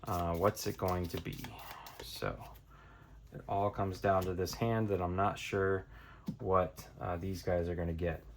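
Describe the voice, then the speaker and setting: In a casual playthrough tutorial, a man who reviews board games counts cards and reasons aloud while playing a card game. His low voice stays fairly flat in pitch, and he speaks at a measured pace over slight background noise.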